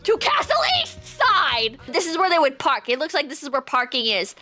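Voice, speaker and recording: A woman's voice: high-pitched, very animated, a little fast, hardly any pauses, sharp tone, faint music behind. A woman streamer in casual livestream commentary, rambling and joking with plenty of swearing. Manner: profane, rambling, jokey.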